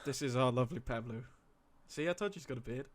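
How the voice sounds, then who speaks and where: A man's voice: fast talker, slight background noise. A British man co-hosting a casual gaming podcast, telling a story in a rambling way with fillers, restarts and frequent laughter. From Britain. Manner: laughs often, jumps high when quoting. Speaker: podcast co-host. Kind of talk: casual chat.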